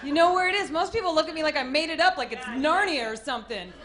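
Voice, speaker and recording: High-pitched woman, stand-up comedy, loud put-on voices, live club, noisy crowd behind. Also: lively intonation, quick pace. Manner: loud acted-out voices and shouts.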